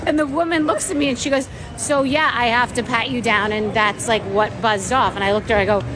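A woman's voice: a little high, fairly quick, over music, low-quality recording. A woman telling an anecdote with animation, acting out the exchanges. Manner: animated, acts out quoted exchanges. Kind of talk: casual anecdote.

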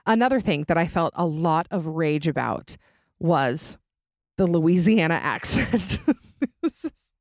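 A woman's voice: deep voice, animated, measured pace, dry recording. A young adult woman hosting a podcast, chatting casually and dramatically, often laughing. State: pregnant. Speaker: podcast host. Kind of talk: casual chat.

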